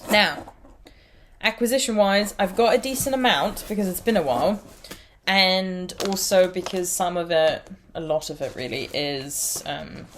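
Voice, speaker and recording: A woman's voice: medium pitch, fairly bright tone, slight background noise. A woman with an Irish accent hosting a knitting podcast, chatting casually in a rambling way and laughing at herself. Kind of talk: casual chat.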